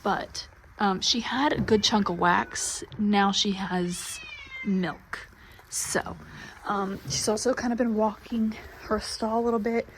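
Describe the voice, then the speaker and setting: A woman filming a casual vlog while walking a horse barn at midnight, speaking quietly and often whispering so she won't disturb the mares. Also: medium pitch, fairly even intonation, takes it slowly, slight background noise. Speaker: horse breeder vlogger. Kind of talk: casual vlog, hushed late-night barn walk. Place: dark horse barn at night.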